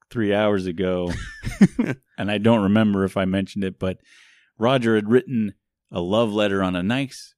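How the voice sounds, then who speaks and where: Low-voiced, laughing, rambling man. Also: dry recording, studio quality. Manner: rambling, frequent laughs and "like" fillers; jokey, self-mocking. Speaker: podcast co-host. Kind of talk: casual chat recapping a movie.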